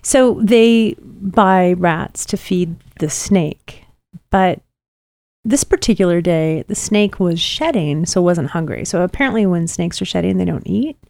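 Woman podcast co-host, gravelly edge, dry close mic, lively swearing storyteller. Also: fairly low pitch, unhurried, dry recording. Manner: animated storytelling, swears freely. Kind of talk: casual chat.

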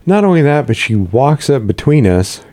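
A man's voice: mid-range voice, big pitch swings, moderate pace, darkish tone, no echo. A man co-hosting a podcast in casual chat, wry and swearing, jumping into playful voices. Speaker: podcast co-host.

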